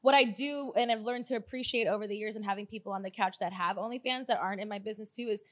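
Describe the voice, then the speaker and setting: A woman's voice: mid-range voice, fast, fairly bright tone. A woman hosting a casual interview podcast, teasing her guest playfully and laughing often. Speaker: podcast host. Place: indoor studio couch.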